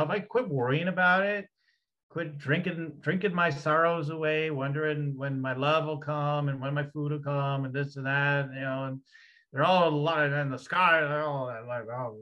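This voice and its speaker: A man's voice: fairly high pitch, pushed and bright. A man channeling a grumbling ancestral spirit. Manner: rambling, mock-grumpy, channeled voice. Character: grumbling male ancestral spirit, wary of thieves.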